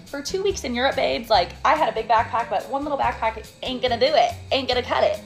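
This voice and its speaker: A woman's voice: a little high, animated, fast, vocal fry, soft background music. A young woman casually telling a storytime, chatty and dramatic with sassy asides.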